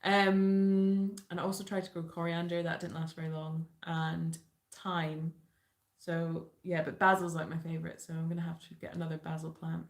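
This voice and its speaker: A woman's voice: sits low, monotone, moderate pace, reverberant. A woman co-hosting a casual livestream, reading out viewer messages and chatting about everyday things. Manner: reads out viewer messages, brief friendly replies. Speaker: sanctuary co-host reading chat.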